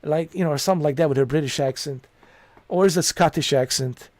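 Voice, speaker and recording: A man who streams games tells a rambling story in an easy, chatty way, dropping "dude" and "you know" everywhere. His voice sits a little high for a man. The sound is dry and close, with no room around it. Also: fast talker, darkish tone, no echo. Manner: amused, laughs at his own story. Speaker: gaming streamer.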